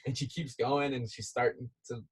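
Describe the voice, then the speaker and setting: A man in casual conversation with a voice of ordinary middle pitch. He tells his story in a loose, rambling way and laughs between lines. His manner is easygoing and friendly. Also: steady tone, normal speed, slightly rough. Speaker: guest.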